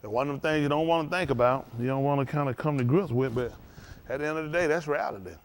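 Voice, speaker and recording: An older man giving an informal, folksy sermon, rambling and animated as he tells stories. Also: on the high side, quick pace, a little hiss or hum. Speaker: preacher.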